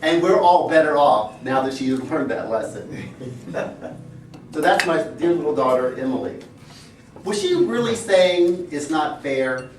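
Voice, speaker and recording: A man's voice: on the high side, very animated, a little slow. A middle-aged man giving a humorous prepared speech to a club, playful and laughing between lines. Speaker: club speaker. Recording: echoey room, far mic.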